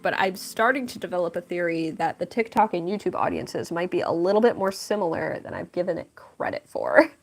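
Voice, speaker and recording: A young woman hosting a casual livestream, reading chat aloud, laughing often and telling stories with lively quoted voices. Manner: animated storytelling with big pitch jumps in quotes. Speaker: livestream host and artist.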